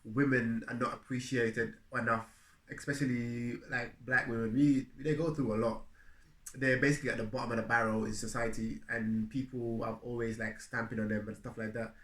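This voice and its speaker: A man with a bright, forceful voice speaks earnestly and reflectively about marriage, laughing easily as he talks. The room around him is echoey. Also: medium pitch, flat delivery, moderate pace. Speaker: husband co-hosting a marriage video. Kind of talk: casual chat.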